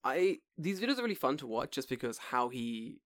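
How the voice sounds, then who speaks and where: A man's voice: medium pitch, a little fast, dry recording, studio quality. A man co-hosting a podcast in casual chat, joking, swearing freely and slipping into put-on voices. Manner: animated, swearing, jokey, puts on voices. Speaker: podcast co-host.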